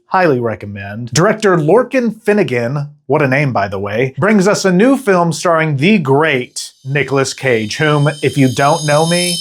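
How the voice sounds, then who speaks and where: A young man hosting his own movie review channel, talking casually with animated, profane asides. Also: medium pitch.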